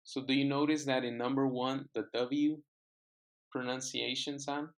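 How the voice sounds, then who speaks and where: A man's voice: medium pitch, normal speed, creaky. A man teaching an English class, patiently repeating words and phrases for his students to echo. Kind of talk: online classroom lesson.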